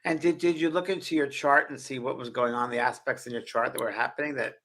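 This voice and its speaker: A man's voice: mid-range voice, steady tone, fast talker, a bit bright. A man hosting a casual chat, talking in a conversational, reflective way. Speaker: host.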